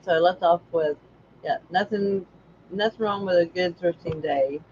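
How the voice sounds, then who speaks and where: A woman's voice: fairly low pitch, moderate pace, a little mellow, muffled recording, slight background noise. A woman co-hosting a casual livestream, chatting and reading viewer comments. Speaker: co-host of a livestream. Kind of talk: casual chat.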